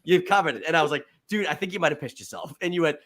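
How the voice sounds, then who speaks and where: A man co-hosting a podcast, excitedly retelling a friend's story in casual chat and repeating himself as he goes. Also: on the high side, rapid-fire. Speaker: podcast co-host.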